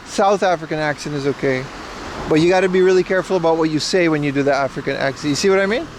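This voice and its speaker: A man's voice: on the high side, fast, a little hiss or hum. A man livestreaming as he walks outdoors, chatting casually, rambling and opinionated as he answers his chat. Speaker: IRL livestreamer. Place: outdoors on city streets.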